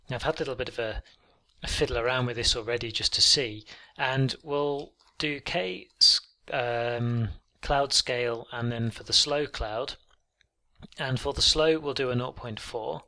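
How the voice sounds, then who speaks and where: A man walking through a coding tutorial on screen, relaxed and thinking aloud with frequent ums. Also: mid-range voice. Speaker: programming tutor.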